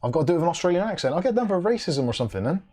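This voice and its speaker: Speaking very fast in a high, dark-toned voice with big pitch swings, a man hosts a relaxed livestream. He chattily reads viewer comments, responds with dry quips, and hums "da da da" between messages.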